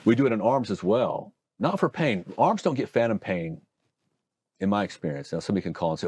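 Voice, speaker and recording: A middle-aged man from Oregon, a hand surgeon telling stories and explaining procedures in a folksy, animated interview manner. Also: fairly low pitch, a little fast, slightly rough. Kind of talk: conversational interview storytelling.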